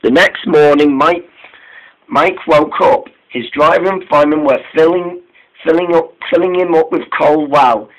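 A man's voice: on the high side, measured pace, lo-fi sound. A man telling an improvised story about steam engines, often stumbling and restarting his sentences.

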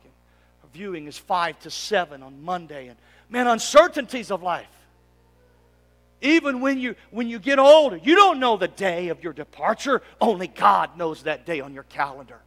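A male pastor preaching a sermon, asking his congregation to answer back and swinging from loud emphatic lines to quiet asides. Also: high-pitched, lively intonation, moderate pace. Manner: preaching, calling for congregation responses. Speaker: lead pastor. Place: church sanctuary. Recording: long reverb of a church sanctuary.

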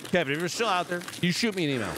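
A male gaming streamer rants and jokes with heavy swearing and biting sarcasm. His voice sits a touch high for a man. Loud game audio runs under him throughout. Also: expressive, racing, noisy background. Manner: profane, sarcastic ranting. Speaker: gaming livestreamer. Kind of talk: live gameplay commentary and ranting.

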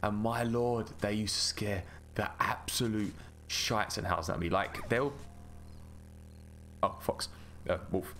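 Chatty man, low voice. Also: gravelly, fairly bright tone, faint music behind. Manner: rambling, chatty, quick to laugh. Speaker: gaming YouTuber. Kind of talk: casual gameplay commentary.

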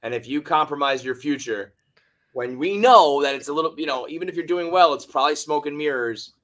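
A man co-hosting a casual sports podcast, halting and repeating himself as he thinks aloud. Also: a little high. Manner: halting, repeats himself, gets loud when hyped. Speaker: podcast co-host.

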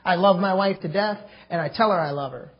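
Husky high-voiced pastor guy preaching hard in church, kinda muffled lo-fi recording. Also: a little fast. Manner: emphatic preaching with sudden loud outbursts. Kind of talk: sermon.

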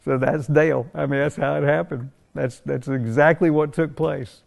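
A man's voice: fairly high pitch, fairly even intonation, moderate pace, creaky, darkish tone. An older man, a drag racing team owner, telling anecdotes in a folksy, conversational way that rambles along with restarts.

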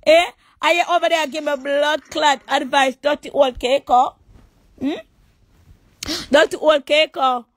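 Jamaican woman, livestream rant, high voice, dry close sound; taunting, crude, shouts at times. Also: fairly even intonation, a little slow, no room sound. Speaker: livestream host. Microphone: phone.

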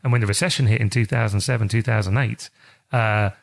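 A man's voice: fairly low pitch, steady tone, fast, creaky. A middle-aged man with a South East London accent, chatting casually in an interview, rambling with many restarts. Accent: South East London English. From South East London, England. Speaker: charity chief executive.

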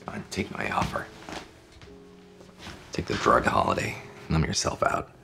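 A man's voice: very deep voice, big pitch swings, a little slow, vocal fry, bright, forceful tone, faint music behind, full character voice. An actor playing a sardonic middle-aged male doctor who talks in a dry, cutting way. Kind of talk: TV drama acting.

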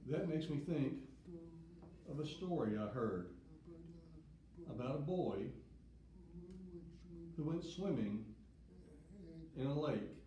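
A man preaches a simple devotional talk in a slow, deliberate way, pausing often between short phrases. His voice is soft and mellow, and it rings with a roomy echo. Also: mid-range voice, lively intonation, a little hiss or hum. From Southern United States. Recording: echoey room.

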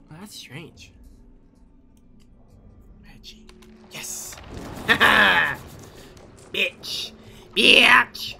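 A young man playing a video game and commenting casually, swearing often and yelling at the game. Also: fairly high pitch. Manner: animated, swears a lot, yells at the game. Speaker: gaming YouTuber. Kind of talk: casual let's-play commentary.

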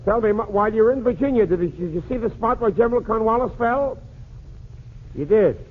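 A man doing a one-sided comic phone call in a 1940s radio comedy monologue, patter quick and full of jokes. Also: sits high, expressive. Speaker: comedian and emcee. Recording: tinny lo-fi 1940s radio transcription with faint hiss.

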